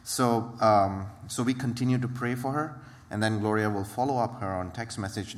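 In a church hall with heavy reverb, this Malaysian man, a ministry worker, haltingly tells his testimony amid frequent fillers and restarts. His pitch is fairly low and his pace moderate.

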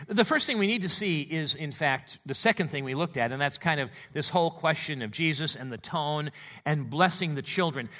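A man preacher explaining a Bible passage in a conversational, animated way and reading scripture aloud. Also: on the high side. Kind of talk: sermon.

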